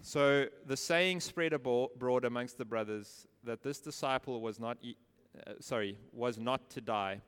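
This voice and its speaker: A man delivers a sermon in a smooth, resonant voice, pressing his points with rhetorical questions and repeated phrases. His words ring out with the long reverb of a large hall. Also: mid-range voice, moderate pace, a bit bright. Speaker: preacher.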